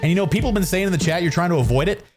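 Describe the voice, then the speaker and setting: Music plays behind a very fast, high-sitting male voice: a streamer from Canada spinning a casual yarn as he games at home. Recorded up close on a studio dynamic mic, he rambles, restarts often, leans on fillers, and keeps making fun of himself.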